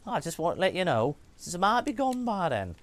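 A man's voice: high-pitched, huge pitch swings, fairly quick, pitched above the performer's own voice. A man voicing a worried florist reading out a note in a raised, wavering put-on voice. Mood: uneasy.

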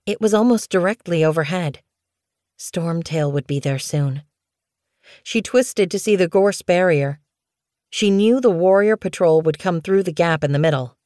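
A woman narrating a children's animal storybook as an audiobook reader, in even, clear storytelling. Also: on the low side, measured pace, no room sound, clean studio sound.

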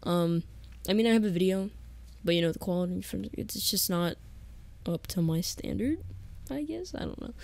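A woman's voice: lowish voice, fairly even intonation, moderate pace, darkish tone. A woman YouTuber chatting casually to her viewers, hesitant and rambling with lots of fillers. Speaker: gaming YouTuber. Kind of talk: casual chat to camera.

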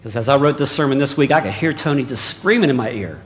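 A male preacher delivering a sermon, dropping to hushed asides and then rising to loud exclamations. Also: mid-range voice, fast, a little hiss or hum. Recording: long hall reverb.

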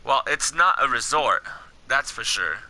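Polite reassuring male fighter, read plainly by a gamer; bright, no accent. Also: mid-range voice, lively intonation, measured pace, a little hiss or hum, pitched below the performer's own voice, low-quality recording. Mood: calm.

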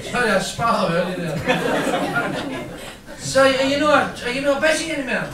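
A man's voice: very high-pitched, animated, normal speed. A Scottish man compering at a comedy club, teasing an audience member with brash, crude banter on stage. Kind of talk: live stand-up crowd banter. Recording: echoey club, distant mic, loud crowd.

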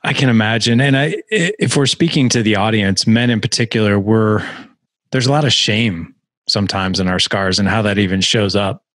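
A male podcast host speaking in an emotional, halting way, with many restarts. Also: fairly low pitch, fairly bright tone, no room sound. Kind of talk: podcast interview.

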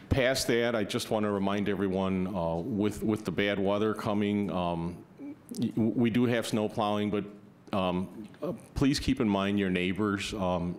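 A man serving as alderman, giving remarks at a council meeting, halting with many ums and restarts. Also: low voice, a little mellow, a little hiss or hum. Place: council chamber.

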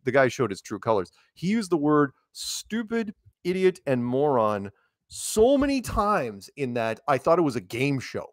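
A man talks casually as an interview guest, rambling from point to point and laughing between thoughts. His voice sits at a middle pitch. The recording is dry and close. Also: no room sound. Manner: chatty, laughing, rambling with fillers. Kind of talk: casual comedic interview chat.

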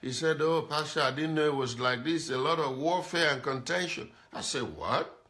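A man's voice: fairly high pitch, normal speed, fairly bright tone. A man preaching a live-streamed sermon as pastor, emphatic and repetitive, calling out to viewers. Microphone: camera mic.

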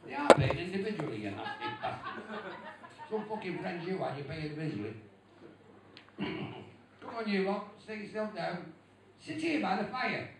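A man's voice: high voice, big pitch swings, moderate pace. A man from England doing crude stand-up, roasting the crowd with swearing and insults. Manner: brash, swearing, insulting the audience. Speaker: stand-up comedian. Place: bar show stage. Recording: distant, echoey and noisy club recording.

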